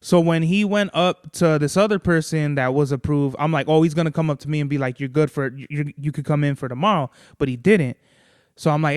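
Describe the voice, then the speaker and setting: A man's voice: on the high side, fairly quick, clear, resonant tone, dry recording, clean studio sound. Profane, rambling man telling a story. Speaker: podcast host. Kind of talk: casual storytelling chat.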